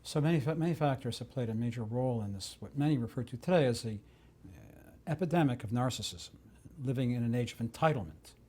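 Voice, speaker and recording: A man giving expert commentary in an interview in a measured way, listing points. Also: medium pitch, lively intonation, a little mellow.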